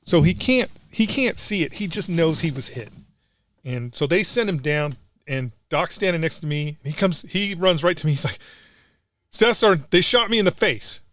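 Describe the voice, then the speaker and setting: A man's voice: high voice, no room sound. A middle-aged man, a combat veteran guest, telling a war story in blunt, profane casual talk.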